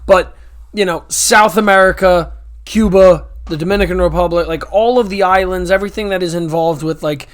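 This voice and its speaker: A man's voice: high voice, moderate pace. A young man hosting a casual podcast, rambling and correcting himself as he talks. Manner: rambling, self-correcting, upbeat. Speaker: podcast host. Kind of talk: casual chat.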